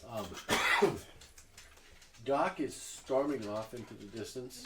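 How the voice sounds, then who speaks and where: A man's voice: medium pitch, takes it slowly. A man narrating as dungeon master in a casual, rambling way with many fillers. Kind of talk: narrating a tabletop game. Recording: echoey room with faint noise.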